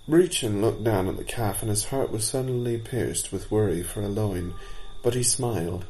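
A man narrating a storybook in a measured, expressive way. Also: on the low side.

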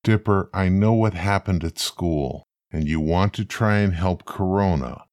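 Man as a deep calm uncle. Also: a little slow, dry recording, clean studio sound. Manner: patient, soothing.

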